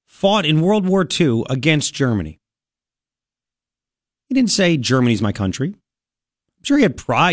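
A man's voice: on the high side, no echo. A man hosting a talk radio show, delivering an opinionated monologue full of rhetorical questions into a studio microphone. He grew up on Long Island, New York.

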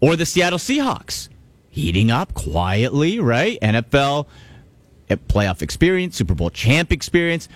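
A man's voice: mid-range voice, huge pitch swings, measured pace, dry recording. A man hosting a sports radio talk show, talking with emphatic energy and repeating himself for stress. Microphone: studio microphone.

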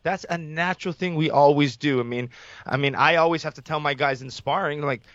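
A man co-hosting a sports podcast, a kickboxing coach telling stories in an animated, casual way. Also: fairly high pitch, fairly quick, no room sound, dull audio. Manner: animated storyteller, yells when excited.

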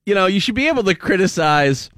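Animated laughing sports radio host man. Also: high voice, quick pace, no room sound, clean studio sound. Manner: laughing, animated, does mock impressions. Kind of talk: casual sports talk.

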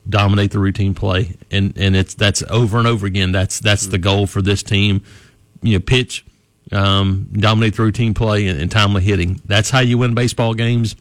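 A man's voice: lowish voice, steady tone, moderate pace, no room sound. A man who reports on college sports, talking through a team's season on a radio show in a rambling, easygoing way with many restarts. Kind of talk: casual sports radio analysis.

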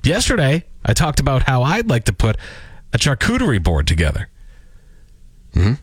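A man's voice: medium pitch, huge pitch swings, normal speed, slightly rough, no room sound, studio quality. A male radio morning show host doing a mock-indignant, emphatic comic rant. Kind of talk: ranting comic radio segment.

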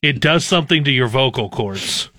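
A man's voice: mid-range voice, lively intonation, normal speed, bright, forceful tone, no echo. A man co-hosting a casual talk show who drops dry, wry remarks. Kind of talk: casual chat.

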